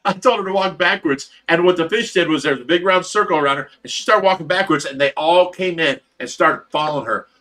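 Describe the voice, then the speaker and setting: A man's voice: fairly high pitch, brisk, few pauses, sharp tone. A man hosting a fish rescue livestream, telling stories casually to his chat with laughter. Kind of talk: casual storytelling to a live chat.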